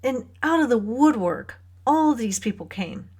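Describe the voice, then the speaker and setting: A woman's voice: fairly high pitch, lively intonation, a little slow, a little mellow, breathy edge. A young adult woman hosting a Catholic reading show, telling a personal story in an earnest way with light laughs, then reflecting on faith. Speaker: host of a Catholic reading podcast.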